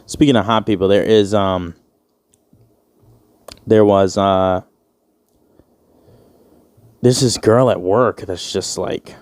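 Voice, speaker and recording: A man's voice: lowish voice, steady tone, slow pace, pauses often, a little mellow, no echo, clean studio sound. A man in his twenties hosting a casual solo podcast, rambling and joking with plenty of swearing. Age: 20s. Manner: rambling, profane, joking, acts out quoted voices. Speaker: podcast host.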